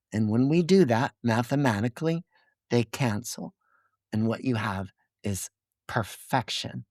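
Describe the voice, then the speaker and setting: A man's voice: on the low side, darkish tone, slightly rough, dry recording. Earnest man explaining, dry close sound. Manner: didactic, checks in with "okay?" and "right?". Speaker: podcast guest.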